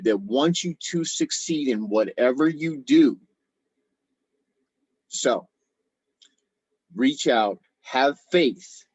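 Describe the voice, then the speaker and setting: A man's voice: mid-range voice, a little mellow, husky, dry recording, poor audio. A man hosting a faith and football show, giving an informal devotional talk and speaking straight to his viewers as "guys".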